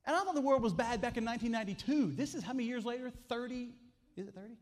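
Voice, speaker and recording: Emphatic preacher in an echoing hall. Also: male voice, extremely high pitch, rapid-fire. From Alabama, US. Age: 40s. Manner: emphatic, call-and-response preaching. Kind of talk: sermon. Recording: long hall reverb.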